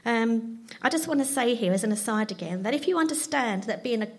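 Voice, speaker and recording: A woman's voice: a little high, lively intonation, brisk, slightly rough. A woman, giving a chatty, self-deprecating personal testimony at church. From London. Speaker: church speaker.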